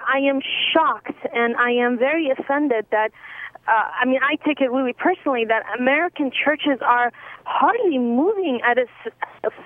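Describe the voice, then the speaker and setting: A woman's voice: a little high, dry recording. A woman calling in to a radio show, speaking earnestly and indignantly. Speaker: caller. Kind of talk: radio call-in. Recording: dry, tinny phone line.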